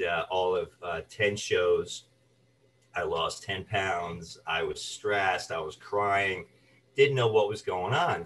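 Low-voiced man telling lively stories. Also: distant mic, slight background noise, rough recording. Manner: animated anecdotes, acts out quoted voices. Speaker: guest, actor and voice artist. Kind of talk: storytelling interview chat.

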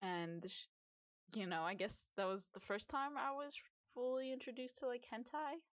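A woman's voice: on the high side, moderate pace, dry recording, clean studio sound. A woman co-hosting a podcast, talking casually in a rambling way, with restarts and casual swearing. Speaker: podcast co-host.

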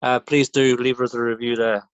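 Deadpan male podcast co-host. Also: medium pitch, moderate pace, clean tone, no echo, dull audio. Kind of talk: casual chat.

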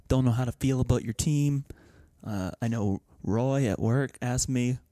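A man's voice: mid-range voice, measured pace, warm tone, no room sound, clean studio sound. A man co-hosting a casual sports podcast, talking in an easygoing, rambling way. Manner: easygoing, rambling, with lots of fillers. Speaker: podcast co-host.

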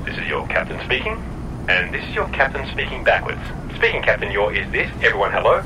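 A man's voice: mid-range voice, huge pitch swings, fairly quick, gravelly. A man playing a male airline captain making cabin announcements in a formal announcer cadence. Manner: formal announcer cadence breaking into silly bits. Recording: distant mic under loud aircraft cabin noise.

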